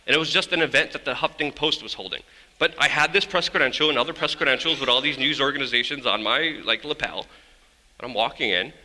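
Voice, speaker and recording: Bright-voiced man in a reverberant hall. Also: medium pitch, fast. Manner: lively, blunt, swears casually. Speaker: journalist giving a conference talk. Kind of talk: energetic storytelling speech. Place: large conference hall stage.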